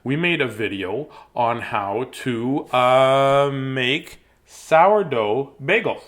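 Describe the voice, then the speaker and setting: A man's voice: medium pitch, animated, extremely slow, fairly bright tone. A man hosting a casual live video stream before bedtime story reading, greeting viewers by name in a playful, sing-song way. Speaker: host reading bedtime stories to kids.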